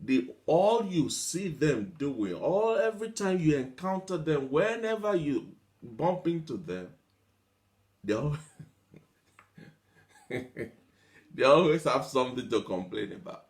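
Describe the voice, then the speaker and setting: A man's voice: a little high, big pitch swings, takes it slowly, pauses often, darkish tone. A man giving a motivational talk, stacking up long repetitive lists of examples, mimicking whiny complainers and laughing lightly between points. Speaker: motivational speaker.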